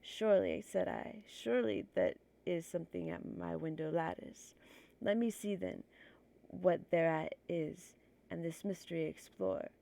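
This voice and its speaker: A woman's voice: lowish voice, unhurried, gravelly, mellow. A woman streamer with a stuffy nose reading poetry aloud on a livestream, nervous and self-conscious, apologizing for her slips.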